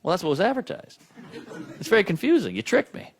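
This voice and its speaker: A man's voice: sits high, big pitch swings, fast talker, slight background noise. A male comedian doing stand-up with a dry, self-deprecating delivery.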